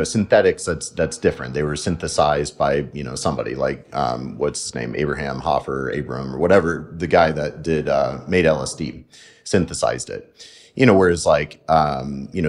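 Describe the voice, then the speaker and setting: A man hosting a podcast, talking casually and rambling, repeating words and using lots of fillers. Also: extremely low pitch. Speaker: podcast host.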